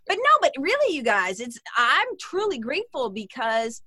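A woman with a Boston accent, chatting as a podcast guest in a lively, rambling way with frequent laughs. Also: high-pitched, moderate pace, no room sound. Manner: chatty and animated, given to tangents and laughter. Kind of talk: casual interview chat.

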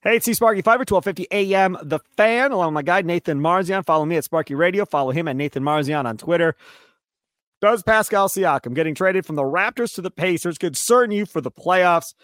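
A man with a high, lively voice rants on a sports radio show, his pitch leaping about as he gets worked up. He is recorded dry and close on a studio mic. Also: brisk, dry recording. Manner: excitable, ranting, mock voices for players. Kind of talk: animated sports radio rant.

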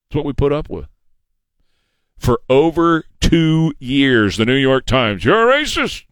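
A man's voice: medium pitch, lively intonation, slow pace, smooth, no echo. A man hosting a talk show, giving a combative, sarcastic political monologue and mocking his opponents. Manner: combative, sarcastic, mocks opponents in put-on voices. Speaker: radio talk show host.

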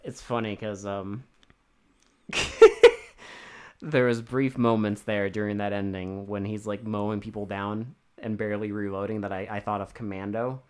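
A man's voice: on the low side, level tone, normal speed, clean tone. A young man co-hosting a casual movie podcast. He talks in a laid-back, joking way and swears now and then. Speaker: podcast co-host. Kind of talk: casual movie review chat.

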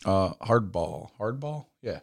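A man's voice: sits low, lively intonation, takes it slowly, creaky. A man co-hosting a podcast in casual chat, easygoing and self-mocking as he tells stories. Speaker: podcast co-host.

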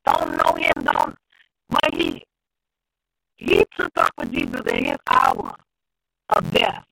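A man teaching from the Bible, reading scripture aloud slowly and deliberately, then preaching on it and repeating key phrases. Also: extremely low pitch, wildly swooping pitch, vocal fry, sharp tone, poor audio.

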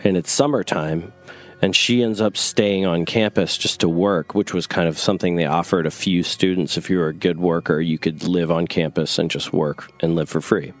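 Young man, very low voice, casual rambling storytelling, lots of "like", acts out quoted voices. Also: steady tone, normal speed, faint music behind. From North Carolina. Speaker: guest storyteller.

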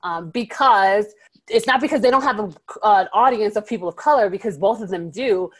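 A woman co-hosting a podcast in casual chat, animated, laughing often and leaning on fillers. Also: mid-range voice, brisk. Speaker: podcast co-host.

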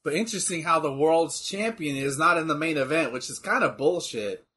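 A man in casual chat about old wrestling, blunt and swearing freely, with animated bursts. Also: on the high side, a little fast, slightly rough.

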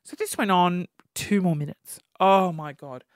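A man's voice: sits high, unhurried, no echo, studio quality. A man in his thirties, hosting a podcast and telling exasperated, comedic stories about what annoys him. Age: 30s. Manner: exasperated, animated storytelling. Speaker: podcast host. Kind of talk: comedic rant.

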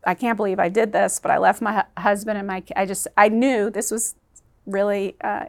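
A woman's voice: mid-range voice, fairly even intonation, a little fast, creaky, darkish tone. A woman guest in an interview, telling a personal story in an earnest, emotional way that halts at times.

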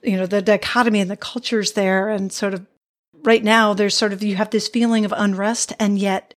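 A woman's voice: medium pitch, level tone, normal speed. A woman hosting a podcast interview, speaking thoughtfully and hedging with "sort of" and "you know.". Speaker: podcast host. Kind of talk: casual interview chat.

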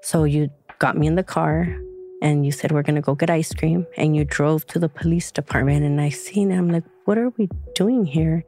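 A woman's voice: low-pitched, fairly even intonation, fairly quick, darkish tone, soft background music. A woman, reflecting on her past in an emotional personal story, close to tears at times. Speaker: guest, younger sister.

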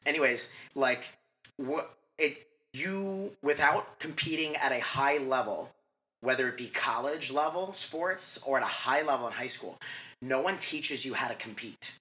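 A man as a mindset coach guest in a casual interview, talking fast and rambling with lots of "like" and restarts. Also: mid-range voice, bright, forceful tone.

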